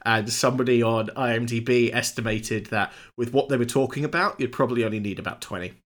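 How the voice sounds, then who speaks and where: A man co-hosting a film podcast, chatty and quick to laugh as he explains things at length. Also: mid-range voice, steady tone, fairly bright tone. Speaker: podcast host. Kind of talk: casual film chat.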